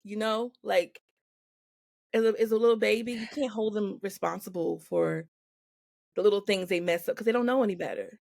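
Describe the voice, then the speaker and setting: A woman's voice: medium pitch, steady tone, moderate pace, gravelly, a little mellow, dry recording. Woman guest, casual faith chat, laughs often, dry close recording. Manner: laughs often, acts out quoted voices. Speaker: podcast guest.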